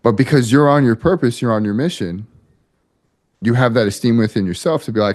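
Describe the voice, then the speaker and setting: A man's voice: mid-range voice, a little fast, darkish tone. A man coaching a group of husbands in a blunt, profane way, acting out bits of dialogue. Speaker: marriage coach. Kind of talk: coaching talk to a group of men.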